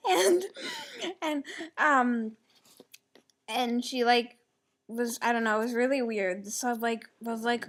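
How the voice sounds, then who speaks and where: A woman's voice: fairly high pitch, animated, unhurried, long pauses. Giggly teen girl. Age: teenager. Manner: chatty, giggly, full of "like". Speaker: vlogger. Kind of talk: rambling casual chat.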